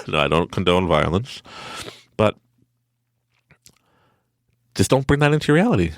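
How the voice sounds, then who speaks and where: A man's voice: fairly low pitch, sing-song, brisk, creaky, long pauses, no echo, studio quality. A man hosting a podcast, talking in a casual, upbeat motivational way, laughing often and acting out little voices. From Quebec, Canada. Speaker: podcast host.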